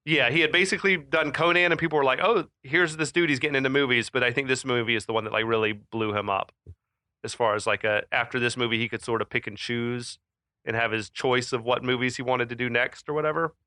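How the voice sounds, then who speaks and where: Podcast co-host, male, bright dry voice, loose chatty delivery with lots of "like" and "um". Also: medium pitch, steady tone, quick pace, dry recording. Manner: chatty, laughs often, many fillers. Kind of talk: casual chat.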